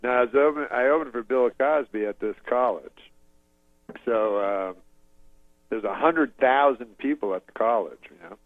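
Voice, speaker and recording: A man, a comedian, telling a long rambling story in a halting, deadpan way and chuckling now and then. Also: medium pitch, no echo. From Canada. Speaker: comedian guest. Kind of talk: rambling storytelling on a radio interview. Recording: dull dry lo-fi radio recording.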